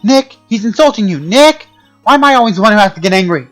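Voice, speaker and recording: Man doing a young woman sidekick, shrill, excited shouting, high. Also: fast, soft background music. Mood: outraged.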